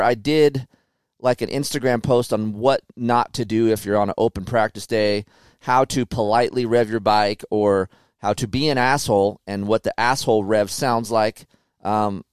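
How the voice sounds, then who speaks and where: Storyteller guest: a man, average pitch, dry close sound, swears freely and acts out quotes loudly. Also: clean tone, dry recording. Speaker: guest, motocross racer. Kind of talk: casual podcast storytelling.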